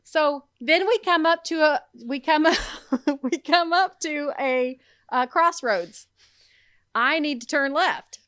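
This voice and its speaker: Bright high-voiced woman telling a story. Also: slow pace, dry recording, clean studio sound. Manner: animated, laughing as she tells a story. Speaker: podcast co-host. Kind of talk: casual storytelling chat.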